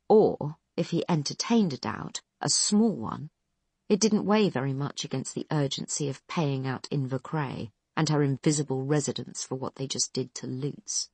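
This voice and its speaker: A woman narrating an audiobook in a steady, even storytelling manner. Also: deep voice, husky, no room sound.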